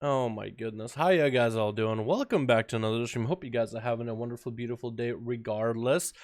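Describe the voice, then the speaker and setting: A man chatting casually on a game livestream, loose and profane, telling stories with animated swings in energy. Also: mid-range voice, fairly quick. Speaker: game streamer. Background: faint background music.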